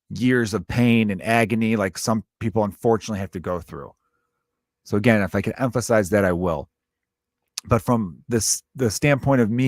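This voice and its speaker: Brief: male comedian hosting his podcast in his thirties, lowish voice, blunt and profane, joking through grief, dry room. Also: no room sound. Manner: candid and profane, mixing grief with jokes. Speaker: podcast host; stand-up comedian. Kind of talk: personal storytelling monologue.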